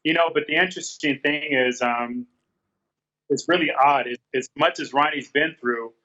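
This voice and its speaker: Male guest, storytelling by quotes, bright forceful delivery, muffled remote-call audio. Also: on the high side, normal speed. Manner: retells phone calls with quoted back-and-forth dialogue. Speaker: interview guest. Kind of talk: casual storytelling interview. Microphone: remote call from a garage.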